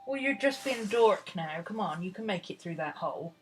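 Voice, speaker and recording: A woman's voice: on the low side, brisk, hardly any pauses, fairly bright tone, soft background music. A woman chatting casually at home and cooing baby talk to her dog. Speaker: art vlogger. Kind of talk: casual chat.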